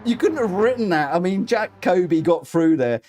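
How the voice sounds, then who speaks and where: A man commentating a racing game live, excitable, cheering drivers on and breaking into shrieks of laughter. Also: sits high, normal speed, soft background music. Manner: cheers drivers on with repeated phrases.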